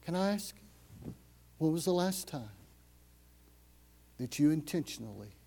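A man preaching a sermon as pastor, telling a story and leading prayer, going from loud, urgent passages to hushed whispers. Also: a little high, lively intonation, unhurried, long pauses, slightly rough. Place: church.

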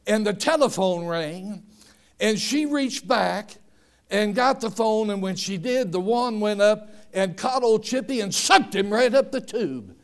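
An older man preaching a sermon, telling homespun stories and rising from quiet asides to shouted emphasis. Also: high voice, animated, unhurried. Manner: storytelling, swings from soft asides to shouted emphasis.

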